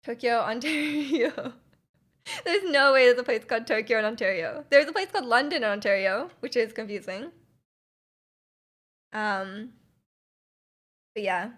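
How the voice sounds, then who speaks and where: A woman's voice: on the high side, animated, measured pace, long pauses, a bit bright. A woman streamer chatting casually with her livestream chat, giggling often and reacting to messages.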